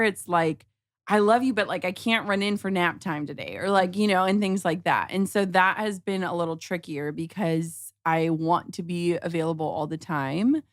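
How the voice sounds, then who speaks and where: A woman's voice: lowish voice, no echo, studio quality. A woman in her thirties, a guest on a podcast, talking casually with many "like" fillers and acting out bits of dialogue. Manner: chatty, frequent "like" fillers, acts out dialogue. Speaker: guest, author and mother.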